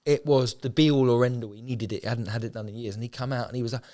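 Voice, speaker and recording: A man's voice: mid-range voice, fairly even intonation, fast, dark tone. A young man, telling his story in an interview in an earnest, heartfelt, colloquial way, often repeating phrases for emphasis. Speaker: homeless charity founder. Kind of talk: emotional podcast interview.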